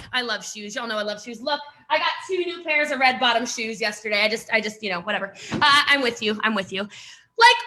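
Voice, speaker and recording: A woman's voice: high-pitched, pushed and bright. A woman giving a motivational coaching talk on a live stream, emphatic, driving points home with repetition and rhetorical questions. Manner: emphatic, repeats lines for punch, rhetorical questions. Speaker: network marketing coach.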